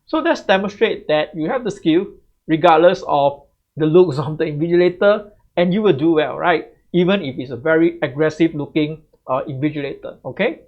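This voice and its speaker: At normal speed and a slightly high pitch, this English tutor talks conversationally through an exam-tips lesson to camera. He keeps checking back with "right?", and the lo-fi audio is a bit muffled.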